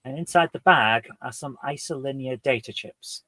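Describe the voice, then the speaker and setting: Relaxed man running a tabletop game. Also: mid-range voice, normal speed, no room sound. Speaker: game master.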